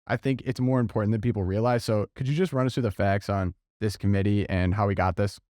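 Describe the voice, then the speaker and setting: A man's voice: fairly low pitch, fairly even intonation, quick pace, darkish tone, no room sound, studio quality. A man hosting a casual podcast, joking with his co-hosts and steering the talk with questions. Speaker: podcast host. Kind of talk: casual political chat.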